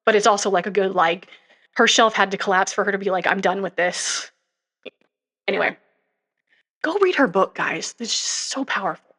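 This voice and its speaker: A woman's voice: medium pitch, fairly even intonation, brisk, pushed and bright. A young woman co-hosting a podcast, retelling a story in a casual, rambling way with lots of fillers and asides. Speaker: podcast co-host. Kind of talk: casual true-crime chat.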